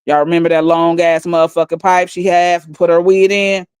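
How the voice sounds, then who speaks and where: A woman livestreaming on her phone, taunting and mocking others in a calm, profane, smooth way. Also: on the low side, brisk, dry recording, faint music behind. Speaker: livestream host. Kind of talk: casual livestream rant.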